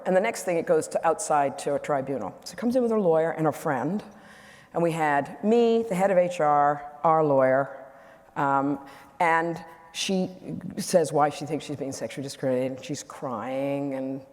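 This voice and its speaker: A woman's voice: sits low, normal speed, darkish tone. A woman in her sixties, a guest speaker at an event, telling humorous anecdotes in a candid way and often correcting herself mid-sentence. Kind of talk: onstage conversation with anecdotes. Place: event hall. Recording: echoey hall reverb.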